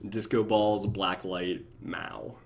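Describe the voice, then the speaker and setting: A young man chatting casually on his own live stream, reading viewer comments and often breaking into laughter and goofy high voices. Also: steady tone, takes it slowly, vocal fry, a little hiss or hum. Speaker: YouTube reactor.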